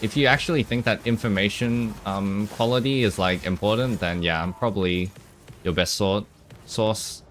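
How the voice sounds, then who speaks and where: A man's voice: fairly low pitch, normal speed, slight background noise. A man streaming a game, chatting casually with his viewers, answering chat and laughing often.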